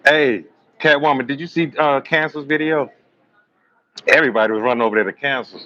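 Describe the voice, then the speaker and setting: With a bright, forceful, medium-pitched voice, this astrology livestream host banters casually with viewers, teasing and joking as he rambles. Faint room noise sits under the slightly dull lo-fi audio.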